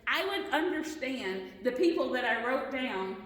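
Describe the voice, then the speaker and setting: A woman's voice: sits high, expressive, measured pace, fairly bright tone. Woman Bible study teacher, earnest and questioning, recorded from a distance in a roomy hall. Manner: earnest, questioning, restarts mid-sentence.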